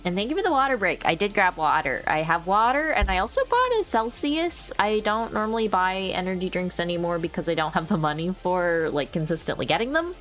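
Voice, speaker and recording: A woman streams in casual chat on a new microphone, her voice sitting a little low. She rambles from thought to thought, laughs often and swears casually, with faint music underneath. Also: big pitch swings, fairly quick, hardly any pauses, fairly bright tone. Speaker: livestreamer. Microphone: new desk microphone.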